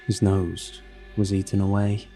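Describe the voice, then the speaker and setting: A man reading a horror story aloud in a measured, grim way. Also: low voice, level tone, warm tone. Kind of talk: scripted horror narration. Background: faint music.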